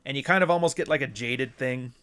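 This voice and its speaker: A man's voice: mid-range voice, a little fast, bright, forceful tone. A man hosting a podcast alone, rambling casually and swearing, with mocking asides. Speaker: podcast host. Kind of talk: casual solo monologue.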